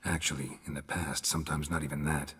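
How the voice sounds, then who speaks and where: An actor playing a stoic, grizzled male monster hunter in a video game, with a terse, dry, flat delivery. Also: extremely low pitch, brisk, slightly rough, big-room sound, full character voice.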